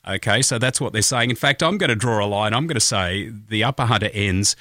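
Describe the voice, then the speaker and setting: A man's voice: on the low side, brisk, bright, forceful tone, no echo, clean studio sound. A man with an Australian accent hosting breakfast radio, chatting casually and reading out birthday wishes with jokey, self-mocking asides. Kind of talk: casual radio chat and birthday call-outs.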